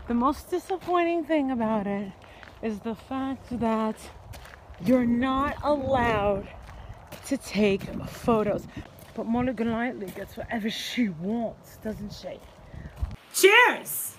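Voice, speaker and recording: A woman vlogging casually as she travels, telling stories and reacting loudly with excitement. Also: fairly high pitch, slow pace. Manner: chatty storyteller, shrieks with excitement at times. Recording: street noise and crowd behind.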